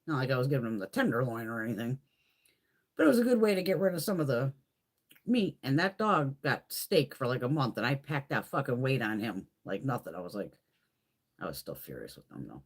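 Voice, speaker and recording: A woman's voice: very deep voice, big pitch swings, a little fast, breathy edge. A woman hosting a beauty live stream from home, chatting casually with blunt, profane storytelling.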